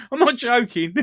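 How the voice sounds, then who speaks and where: A man's voice: on the high side, a bit bright. A man with a Birmingham accent hosting a casual live stream, chatting bluntly with viewers, often laughing between remarks and going off on rants. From England.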